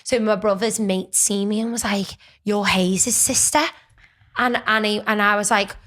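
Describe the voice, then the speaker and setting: A woman's voice: medium pitch, little pitch movement, normal speed, a bit bright. A woman in her thirties co-hosting a podcast, telling stories in casual chat with lots of restarts. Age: 30s. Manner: chatty storyteller, many restarts. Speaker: podcast co-host.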